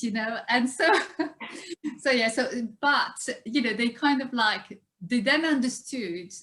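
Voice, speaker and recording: A woman's voice: on the high side, unhurried, a bit bright. Chatty woman guest. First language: French. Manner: chatty storyteller, laughs often. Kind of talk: casual conversation.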